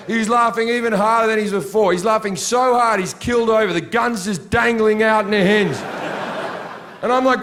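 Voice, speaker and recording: A man's voice: high-pitched, fairly even intonation, moderate pace, fairly bright tone. A man doing stand-up, telling a story in a crude, sardonic way and acting out the scenes. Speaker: stand-up comedian.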